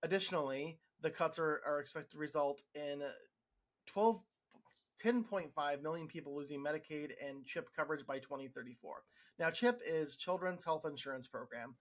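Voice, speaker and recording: Man, slightly high voice, frustrated, sarcastic, restarts often, healthcare worker monologue. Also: normal speed. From United States. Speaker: healthcare worker podcast host. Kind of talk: opinion monologue.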